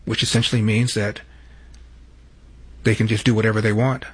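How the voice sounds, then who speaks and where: A man's voice: fairly low pitch, little pitch movement, fairly quick, long pauses, slightly rough. A man giving opinion commentary on politics, sardonic and full of rhetorical questions.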